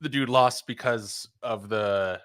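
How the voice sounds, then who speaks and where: A young man talking in a relaxed, easygoing way on a podcast, with a bright, forward tone. The sound is close and dry, with no room around it. He laughs often and leans on casual slang. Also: on the low side, slow pace, dry recording. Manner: laid-back, laughing, says "dude" and "like" often. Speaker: podcast co-host. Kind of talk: casual chat.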